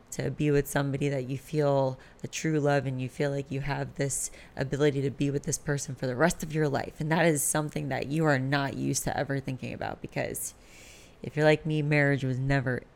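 Late-20s woman, solo podcast host, candid and rambling, some vocal fry. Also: rumbling low. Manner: candid and rambling, frequent swearing.

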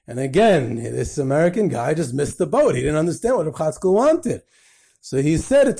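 A man's voice: a little high, lively intonation, normal speed, creaky, warm tone, breathy edge. A man hosting a podcast, telling anecdotes with frequent fillers and Yiddish phrases. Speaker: podcast host. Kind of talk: storytelling talk.

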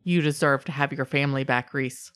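A woman voicing a calm, fatherly male crime family boss who speaks softly and slowly to reassure. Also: rumbling low, clean tone. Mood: paternal.

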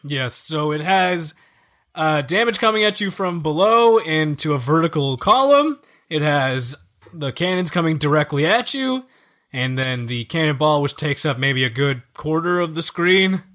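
A man's voice: fairly high pitch, expressive, pushed and bright. A man co-hosting a podcast, casually chatting about a video game in a playful, joking way. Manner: playful, joking, quick to laugh. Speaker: podcast co-host.

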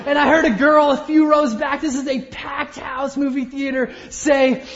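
A pastor in his thirties preaches a sermon that blends personal stories with self-deprecating humor, delivered flatly at a moderate pace. His gravelly, fairly bright voice is very high for a man. The audio is slightly dull, with a long hall reverb like a church auditorium.

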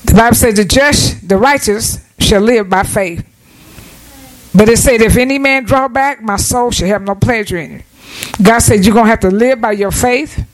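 A woman's voice: a little high, moderate pace, low-quality recording. Woman preacher in a church, talks plain and folksy, keeps asking for an amen. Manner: folksy, down-to-earth preaching with call-and-response. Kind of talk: sermon.

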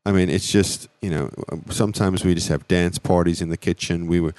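Deep-voiced South African man, rambling. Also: fairly even intonation, a little fast, a little mellow, clear, resonant tone, no echo. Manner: rambling, repeats words when starting. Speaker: podcast co-host. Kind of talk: casual podcast chat.

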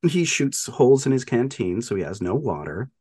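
A man's voice: mid-range voice, very animated, moderate pace, dark tone, husky, dry recording, studio quality. A man co-hosting a podcast, casually retelling a movie with lots of laughs and filler words. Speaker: podcast co-host.

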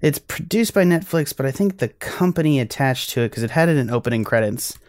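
A man's voice: mid-range voice, lively intonation, fairly quick, a little mellow, no echo, clean studio sound. An American man co-hosting a film review podcast, talking casually and rambling with many restarts. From United States. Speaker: podcast co-host.

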